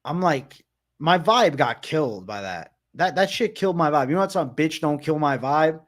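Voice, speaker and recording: A man's voice: a little high, expressive, normal speed. A young man hosting a live stream, ranting casually with lots of swearing and exasperation. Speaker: host of a live betting stream.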